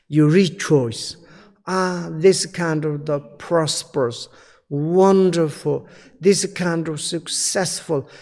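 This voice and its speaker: A man giving a Buddhist dharma teaching in halting, non-native English full of fillers, earnestly pleading and repeating his key points. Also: a little high, a little mellow, big-room sound.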